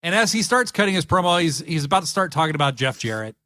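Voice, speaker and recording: A man's voice: on the high side, very animated, fast talker, sharp tone. A man co-hosting a casual podcast, animatedly retelling wrestling segments and acting out the lines. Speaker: podcast co-host. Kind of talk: casual wrestling recap chat.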